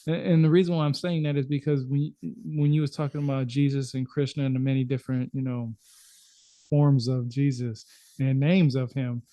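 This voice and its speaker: A man's voice: mid-range voice, flat delivery, moderate pace, warm tone, no room sound. A man hosting a casual podcast conversation, rambling and repeating words as he talks. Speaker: podcast host.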